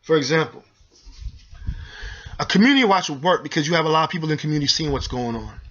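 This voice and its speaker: Fast-talking young man. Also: a little high, animated, fairly bright tone, muffled recording. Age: young adult. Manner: preachy, urgent, addresses viewers directly. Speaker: show host. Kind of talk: earnest community advice monologue.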